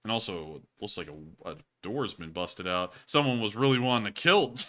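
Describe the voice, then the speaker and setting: A man's voice: lowish voice, normal speed, fairly bright tone. A man hosting a livestream in casual chat, rambling with lots of filler sounds. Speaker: livestream host.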